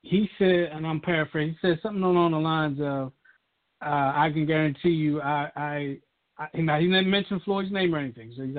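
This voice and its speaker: Laid back co-host guy, slightly high voice, joking around, sounds like a phone line. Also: brisk. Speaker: podcast co-host. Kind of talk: casual sports talk banter. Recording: tinny phone-like audio.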